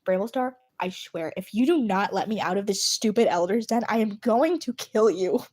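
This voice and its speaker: Grumbling, threatening blind warrior tomcat, short-tempered, a touch lower than the performer's own voice, as a woman puts him on while telling a story. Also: moderate pace, darkish tone, slightly rough, natural voice. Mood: menacing.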